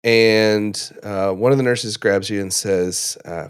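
A man leading a case discussion in casual talk, speaking quickly and thoughtfully with some halting. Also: on the low side, fairly even intonation, clean tone, dry recording, studio quality.

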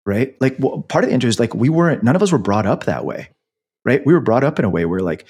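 A man's voice: mid-range voice, sing-song, fast talker, darkish tone, breathy edge. A man, an emergency physician, teaching in casual conversation and telling stories animatedly with many fillers.

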